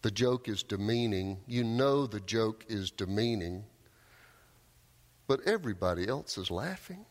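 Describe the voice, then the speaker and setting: A man's voice: animated, measured pace. Preaching man in a reverberant church. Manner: storytelling, shouts quoted cries, drops low for emphasis. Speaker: pastor. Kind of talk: sermon. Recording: long hall reverb.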